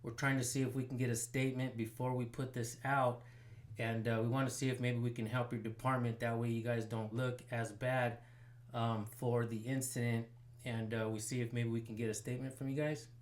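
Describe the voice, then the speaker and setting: A man's voice: mid-range voice, little pitch movement, fairly quick. A man hosting a citizen journalism channel, commenting casually and pressing a sheriff's station by phone. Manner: casual, rambling, filler-heavy.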